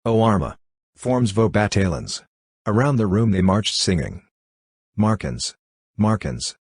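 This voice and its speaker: Male audiobook narrator, steady and even, low husky voice, dry recording. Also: no room sound. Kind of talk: scripted narration.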